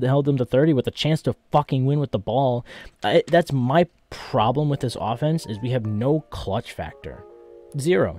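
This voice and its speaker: A man's voice: medium pitch, darkish tone. A young man ranting as a frustrated sports fan, swearing a lot and sounding exasperated. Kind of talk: angry fan rant.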